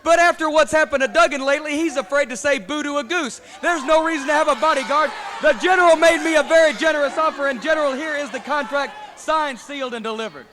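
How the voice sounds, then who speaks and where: A man's voice: very high-pitched, fast talker, hardly any pauses, a crowd in the background, background noise. A man in a wrestling promo as a manager, smug and sneering.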